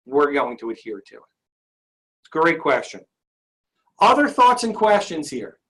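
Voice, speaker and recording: Lively male sales trainer. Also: a little high, a little slow. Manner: upbeat, asks the audience frequent questions. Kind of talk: interactive sales training session.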